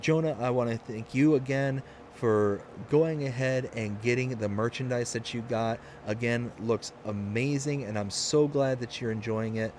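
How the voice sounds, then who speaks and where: A man's voice: mid-range voice, normal speed, hardly any pauses, darkish tone, slight background noise. A man from Michigan hosting a live game stream, chatting casually and rambling through stories with frequent restarts. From Michigan, USA.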